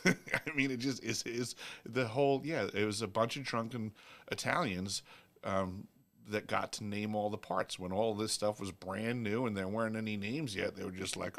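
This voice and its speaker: A man's voice: fairly low pitch, fairly even intonation, normal speed, a bit bright. A man from Long Island, hosting a casual livestream chat and cracking crude plumbing jokes with frequent laughs. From Long Island, New York. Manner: crude joking, laughs often. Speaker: host.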